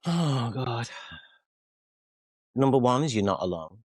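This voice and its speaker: Man, 40s, Mancunian accent, interview guest, candid, self-deprecating, rambling, mid pitch, dry sound. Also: sing-song, slow pace, husky, no room sound. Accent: Mancunian English. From England. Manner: rambling, self-deprecating, with frequent restarts and acted-out quotes. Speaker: guest, pop singer and author.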